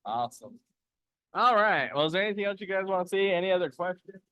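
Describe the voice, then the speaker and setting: A man with a smooth, resonant voice and a slightly high pitch chats upbeat on a live stream from a lapidary shop. The sound is dry and close, with no room around it. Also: animated, fast, sharp tone, no echo. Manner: upbeat, chatty, reads out viewer comments. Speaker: co-host of a live rock-cutting stream. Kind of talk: casual live-stream chat.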